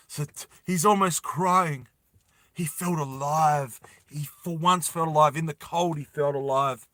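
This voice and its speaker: A man narrating a story dramatically, repeating lines and dropping soft for emotional moments. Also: on the high side, fairly even intonation, unhurried, dry recording.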